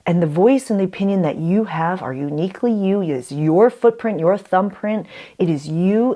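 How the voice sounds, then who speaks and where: A woman vlogging, telling an animated story with rhetorical questions, swearing and bursts of laughter. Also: on the low side, normal speed. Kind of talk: casual self-talk vlog.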